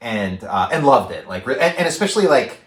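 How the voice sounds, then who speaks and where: A man's voice: mid-range voice, a little fast. A man co-hosting a podcast, chatting casually about a film with lots of fillers and restarts. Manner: rambling, many fillers, animated acted-out quotes. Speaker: podcast co-host. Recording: roomy echo.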